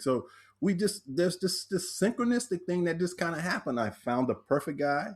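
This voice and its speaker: A man, a speaker and author, telling personal stories in a podcast interview, animated and acting out the voices he quotes. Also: fairly high pitch, normal speed, breathy edge.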